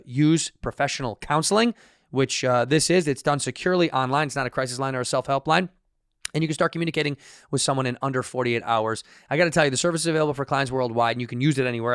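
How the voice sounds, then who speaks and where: A goofy man co-hosts a casual podcast and rambles playfully through an ad read. His voice is smooth and clear, recorded dry and close to the mic. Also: mid-range voice, no room sound. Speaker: podcast co-host.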